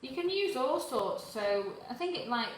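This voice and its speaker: A woman's voice: high-pitched, big pitch swings, normal speed. Chatty woman cooking live. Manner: chatty, stirring while talking, gets out of breath. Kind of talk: casual live cooking demo. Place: home kitchen. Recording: echoey kitchen with noise.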